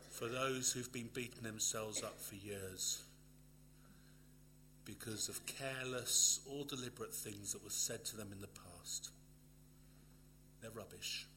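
A man preaching a sermon, swinging from loud emphatic lines to hushed near-whispers and repeating phrases for emphasis. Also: medium pitch, a little hiss or hum.

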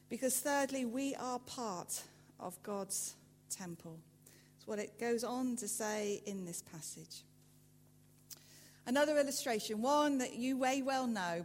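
A woman preacher giving a sermon in a church, telling a story with measured delivery and emphatic rises. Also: a little high. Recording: reverberant church hall with faint hum.

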